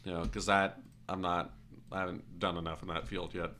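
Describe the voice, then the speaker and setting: Bright-voiced man telling a rambling story. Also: sits low, level tone, fairly quick, a little hiss or hum. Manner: rambling, self-correcting, casual profanity. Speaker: streamer. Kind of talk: casual storytelling while gaming.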